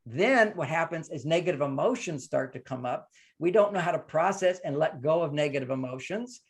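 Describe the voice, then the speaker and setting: A man's voice: on the high side, expressive, a little fast, husky. Older man lecturing on relationships. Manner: emphatic, lecturing, acts out quoted partners. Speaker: relationship expert guest. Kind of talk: podcast conversation, advice.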